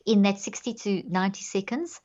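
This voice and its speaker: A woman's voice: mid-range voice, brisk, darkish tone, dull audio. A woman guest on a podcast interview, explaining earnestly and acting out inner self-talk as examples.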